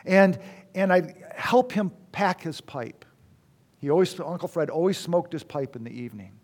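A man with a slightly raised pitch tells a personal story to an audience. He speaks reflectively and often stops to restart a phrase before going on. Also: animated, moderate pace, a little mellow.

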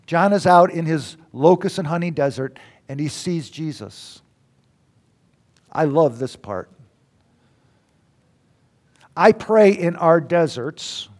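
High-pitched middle-aged pastor preaching, goes from shouting to whispering. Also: male voice. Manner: dramatic swings from loud exclamations to near whispers. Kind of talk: sermon.

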